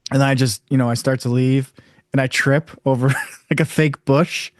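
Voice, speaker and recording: A man co-hosting a podcast, retelling a dream in casual chat, halting and full of fillers. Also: mid-range voice, steady tone, dry recording, studio quality. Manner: halting, many "like" fillers, laughs through the story. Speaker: podcast co-host.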